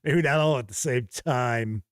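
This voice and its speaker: Smooth and unhurried at medium pitch, a man runs a livestream, reading viewer comments aloud and reacting spontaneously in a casual, chatty manner. The recording is dry and studio quality.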